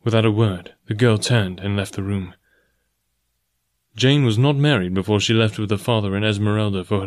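A man narrating a novel in a steady, even storytelling way. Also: fairly low pitch, dry recording, studio quality. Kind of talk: audiobook reading.

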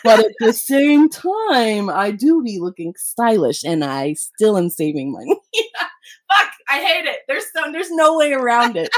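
A woman's voice: on the high side, moderate pace, no room sound, clean studio sound. Swearing, rambling young woman podcaster. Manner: rambling, swears a lot, animated. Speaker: podcast co-host. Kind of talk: casual chat.

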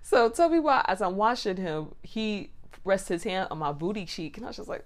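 A young woman hosting a podcast, telling a personal story in a candid, playful way with drawn-out cooing sounds. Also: medium pitch, very animated. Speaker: podcast host. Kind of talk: casual storytelling monologue.

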